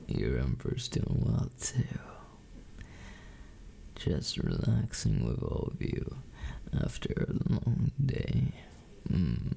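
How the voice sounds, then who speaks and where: A man in a whispered role-play, his voice very gravelly and dark as he murmurs slowly to his listeners. He speaks in fond, doting whispers with a lilting rise and fall. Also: on the low side, huge pitch swings, a little hiss or hum. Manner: slow, doting whispers, calls listeners sweetheart. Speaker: streamer greeting chat.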